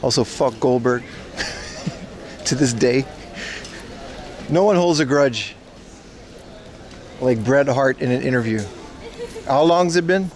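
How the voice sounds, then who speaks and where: A man's voice: mid-range voice, slow pace, long pauses. A man hosting a casual livestream outdoors on a city street, joking and answering his chat as he walks. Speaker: livestream host.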